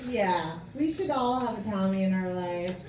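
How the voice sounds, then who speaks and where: A woman's voice: mid-range voice, lively intonation, normal speed. A woman hosting a live event, bubbly and laughing between acts. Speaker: host. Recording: echoey hall, distant mic, crowd. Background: audience noise.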